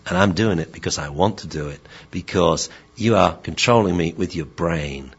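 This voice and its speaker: A contented pet dog muses in a low, calm, husky voice, as a man voices its thoughts. The voice is low and mellow with a slight breathiness. The sound is a bit muffled. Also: moderate pace, exaggerated voice. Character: happy, willing pet dog thinking aloud. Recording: slightly dull lo-fi recording.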